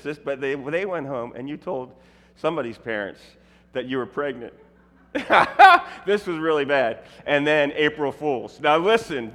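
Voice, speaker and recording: A middle-aged male preacher telling funny stories in a sermon, animated and self-interrupting, often laughing at his own stories. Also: mid-range voice. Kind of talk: humorous sermon storytelling. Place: church sanctuary. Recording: long hall reverb in a church.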